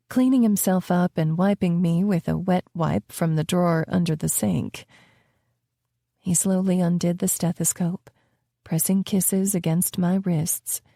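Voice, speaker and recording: A woman narrating a romance audiobook in a slow, intimate way, sometimes dropping to a whisper. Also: fairly low pitch, dark tone, no echo, clean studio sound.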